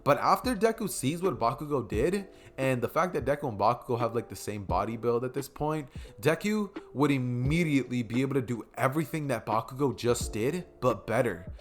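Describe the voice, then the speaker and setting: A man's voice: medium pitch, animated, fairly quick, few pauses. A young man casually narrating an improvised fan story, rambling with many fillers.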